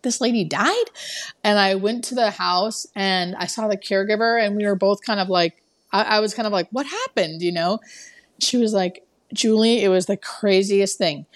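Hospice nurse lady on a call, chatty, lots of um and like, plays out the dialogue. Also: medium pitch. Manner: chatty, full of fillers, acts out quoted dialogue. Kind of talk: casual storytelling interview. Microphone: remote call audio.

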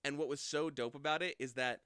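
A man co-hosting a podcast in casual comedic chat, animated, swearing and laughing often. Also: fairly high pitch, a little fast, clear, resonant tone, no echo, studio quality. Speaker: podcast co-host.

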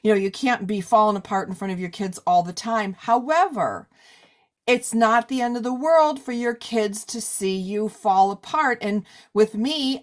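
A woman in her forties hosting a podcast, chatting casually and filling her talk with "like" and "you know". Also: medium pitch. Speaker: podcast host. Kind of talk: casual interview chat.

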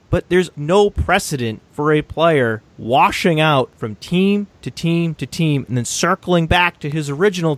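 A man's voice: fairly high pitch, no echo. A man hosting a sports podcast, delivering an opinionated, emphatic monologue that turns exasperated and ranting. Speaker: fantasy football podcast host.

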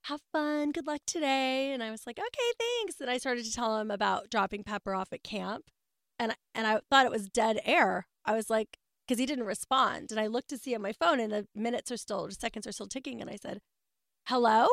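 A woman talks on a talk show in a dry, close studio sound. Her voice sits a little high. She tells family stories animatedly, jumping up in pitch whenever she quotes someone. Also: fairly quick, creaky, dry recording. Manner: animated storyteller, acts out quotes with big pitch jumps. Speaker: guest. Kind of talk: casual chat.

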